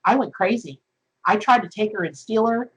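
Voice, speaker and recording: A woman from the Deep South talks casually about her tarot deck, effusive and quick to exclaim. Her voice is husky and a little breathy. She sounds close to tears. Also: low-quality recording. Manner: effusive, gushing, tearful exclamations. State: tearful. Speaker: tarot deck creator and host. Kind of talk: casual emotional chat.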